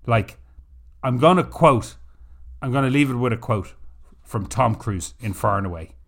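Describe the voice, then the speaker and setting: A man hosting a podcast in a casual monologue, animated and chatty, swearing freely. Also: mid-range voice, normal speed, creaky. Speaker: podcast host.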